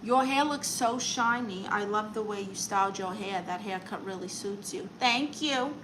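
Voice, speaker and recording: A woman's voice: mid-range voice, normal speed, background noise. A woman hosting a comedic live stream, chatting with viewers and reading their comments aloud in a playful, mock-serious way. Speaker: comedic livestream host.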